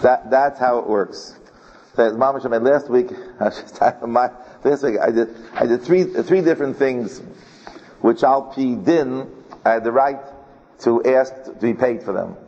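A man's voice: mid-range voice, a little slow, darkish tone. Rabbi, man, chatty Torah-class storyteller, repeats himself, recorded muffled in a long-echo hall. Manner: chatty, repeats words, chuckles often. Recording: dull recording in a reverberant hall.

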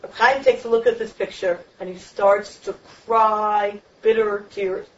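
A woman's voice: medium pitch, fairly even intonation, a little slow. A woman teaching a Torah lecture on the weekly portion in an emphatic, repetitive preaching cadence. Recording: distant, dull lo-fi room recording.

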